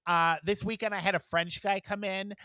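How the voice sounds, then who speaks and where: A male podcast co-host shares work stories in casual, animated chat, acting out quotes with big jumps in pitch and volume. He speaks at normal speed, with a clean tone and no echo.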